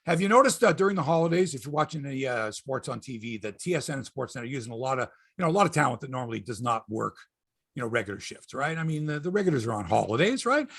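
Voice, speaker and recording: A man's voice: medium pitch, gravelly, fairly bright tone, breathy edge. A middle-aged Canadian man hosting a sports podcast, chatting casually in a rambling, profane, wry way. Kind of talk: casual chat.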